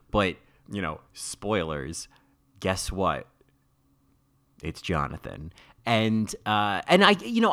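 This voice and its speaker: A man chatting casually as he reviews a TV miniseries, wry and loose, with lots of fillers and sudden jumps in pitch. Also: a bit bright.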